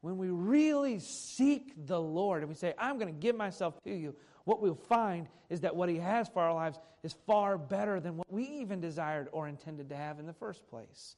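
A man's voice: high-pitched, lively intonation, normal speed, hardly any pauses, a little mellow. A man preaching a sermon who reads old scripture aloud and then restates it in plain everyday words. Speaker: pastor.

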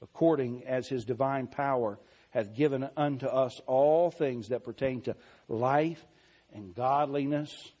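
A man preaching a sermon, reading scripture slowly and deliberately, swelling louder on key phrases and dropping soft. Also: mid-range voice.

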